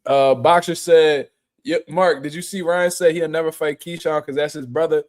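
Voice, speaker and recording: Guy w/ a kinda high voice doing casual boxing commentary, lots of cussing and slang, reads chat out loud. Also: normal speed. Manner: animated, profane, slangy street talk with mocking impressions. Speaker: boxing show host.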